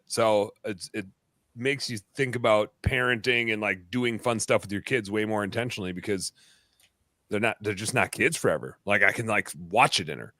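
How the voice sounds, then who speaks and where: A man in his thirties from Wisconsin, hosting a podcast in a rambling, animated chat. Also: medium pitch, brisk, vocal fry, no echo, clean studio sound. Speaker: podcast host. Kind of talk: casual chat.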